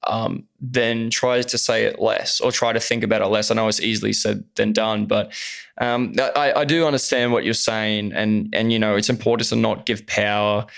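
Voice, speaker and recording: Gravelly-voiced man, earnest and open. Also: fairly low pitch, flat delivery, moderate pace, a bit bright. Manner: earnest and open, many fillers. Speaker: actor and performer, podcast guest. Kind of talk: casual conversation.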